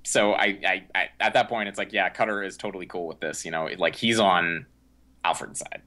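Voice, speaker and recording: A man's voice: deep voice, steady tone, a little fast, bright, forceful tone. A young man co-hosting a podcast, recapping a film in a rambling, casual way with lots of fillers and restarts. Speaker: podcast co-host. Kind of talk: casual movie discussion.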